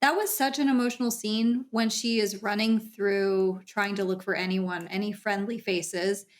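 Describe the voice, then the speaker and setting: A woman's voice: mid-range voice, fairly even intonation, normal speed. Woman co-host chatting about a book. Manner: conversational, reacts to emotional scenes. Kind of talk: casual book discussion.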